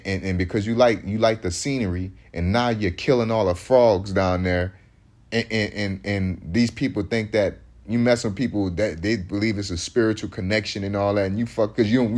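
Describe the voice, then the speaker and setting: A man's voice: lowish voice, normal speed, a little mellow. A man, preaching in loose street talk that rambles, restarts often and hits points with emphasis.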